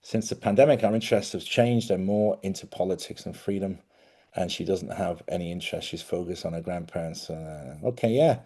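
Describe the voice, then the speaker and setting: A man hosting a spiritual live stream, chatty and animated, often laughing as he talks. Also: deep voice, fairly quick, slightly rough. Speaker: spiritual host.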